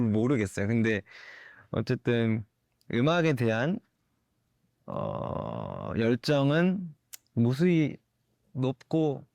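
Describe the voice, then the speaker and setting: A young man, a singer, giving candid interview answers in a thoughtful, halting way with soft laughs. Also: medium pitch, gravelly, no room sound.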